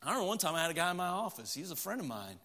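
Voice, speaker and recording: A middle-aged man, preaching a sermon in church and telling stories, shifting between loud emphatic stretches and low quiet ones. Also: big pitch swings, rapid-fire. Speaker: pastor. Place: church sanctuary.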